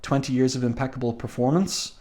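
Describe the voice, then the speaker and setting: A man reading aloud the lines of a gruff lawyer who is cold and dismissive, mostly in his own voice. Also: medium pitch, a little fast, a little mellow, close to an everyday voice. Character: gruff older male lawyer with an odd accent.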